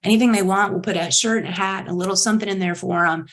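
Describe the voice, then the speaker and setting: Middle-aged woman, executive guest, animated and upbeat, slips into bright voices to quote people. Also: medium pitch, rapid-fire. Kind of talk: animated interview storytelling.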